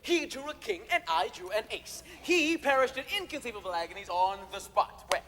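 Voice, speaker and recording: A man's voice: extremely high pitch, expressive, brisk, over music. A man playing a brash upstart claiming a dukedom, delivering comic opera stage dialogue in a declamatory way. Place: live theatre stage. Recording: reverberant noisy live stage recording.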